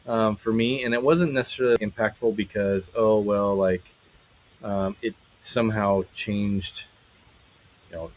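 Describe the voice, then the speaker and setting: An adult married man hosts a live stream as a musician, chatting casually with viewers. His talk rambles and halts, packed with fillers, and he brightens whenever he greets people. His voice is lowish and the recording quality is low.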